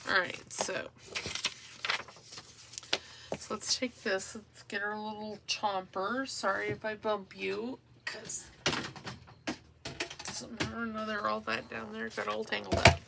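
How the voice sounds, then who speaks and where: A woman talks slowly and rambles to herself while she tears book pages for a craft project. Her voice has a gravelly fry. There is steady noise behind her in a home recording. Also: mid-range voice. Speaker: junk journal crafter. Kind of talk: casual crafting tutorial chat. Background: dog and paper rustling.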